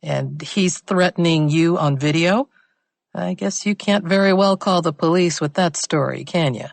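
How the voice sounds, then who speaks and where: A woman voicing a sharp, blunt woman handwriting expert in an audiobook thriller. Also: on the low side, a little slow, creaky, no echo. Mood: sarcastic.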